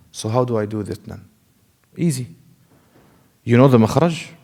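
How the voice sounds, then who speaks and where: A man's voice: medium pitch, normal speed, creaky, pauses often, a little mellow. A man who speaks Arabic as his first language teaches a tajweed lesson in English, correcting mistakes and repeating sounds to demonstrate them. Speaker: Quran recitation teacher. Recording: long reverb in a large hall.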